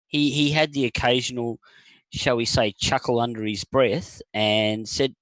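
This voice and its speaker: A man of middling pitch talking things through on a call, pausing and restarting as he explains. His voice sounds close and dry, with no room around it. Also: steady tone, fairly bright tone, dry recording, poor audio. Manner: explains at length, with frequent hesitations. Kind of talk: casual online chat.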